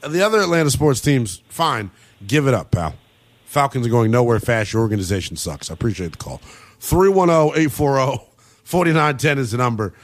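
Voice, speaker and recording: A man hosting a late-night sports talk radio show, brash and quick to tease callers. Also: medium pitch, animated.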